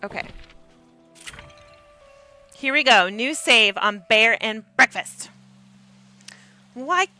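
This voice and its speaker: A woman chatting casually as she plays through a game, joking at her own expense. Her voice is bright and higher than most, with a lively, bouncing pitch. Soft music plays under her talk. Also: takes it slowly, pauses often. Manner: chatty, self-mocking asides. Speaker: gaming streamer. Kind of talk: casual gameplay commentary.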